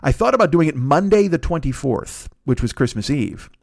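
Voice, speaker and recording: A man's voice: on the high side, very animated, moderate pace, vocal fry, no room sound, clean studio sound. Rambling, profane American man hosting a podcast. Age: 40s. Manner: rambling, profane, self-correcting. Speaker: comedy podcast host. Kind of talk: casual rambling monologue.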